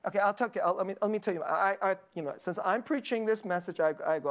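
A woman's voice: medium pitch, fast talker, hardly any pauses. A woman giving a sermon as though chatting with friends. She laughs often, trips over her own words and restarts them, and drops in asides to keep it loose. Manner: conversational and jokey, laughs often, many restarts. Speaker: preacher.

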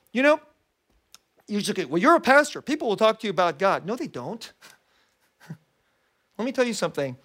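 A pastor giving a sermon in an animated, conversational storytelling manner. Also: mid-range voice.

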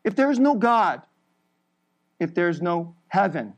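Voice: mid-range voice, sing-song, measured pace, dull audio. A preacher giving an emphatic sermon, building through repeated phrases and laughing briefly between points.

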